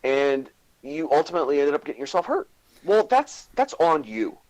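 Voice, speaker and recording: Canadian guy on a stream, lots of you-knows and restarts, pitch all over. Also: big pitch swings, a little mellow, poor audio. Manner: halting, restarts words, hedges with "you know". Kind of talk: casual livestream chat.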